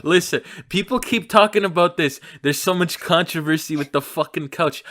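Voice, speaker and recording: A young man chatting on a podcast over a call. He rambles through crude stories, repeats himself, and bursts into loud exclaims. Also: fairly high pitch, normal speed, hardly any pauses. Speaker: podcast host. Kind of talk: casual podcast chat. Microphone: remote call.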